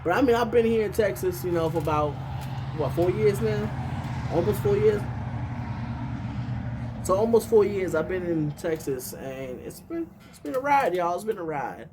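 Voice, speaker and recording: A man from New York with a New York accent, hosting his own vlog outdoors near a highway and chatting in a rambling, easygoing way. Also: lively intonation, moderate pace. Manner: rambling and chatty, with many fillers and laughs. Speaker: vlog host. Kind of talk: casual chat. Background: passing traffic.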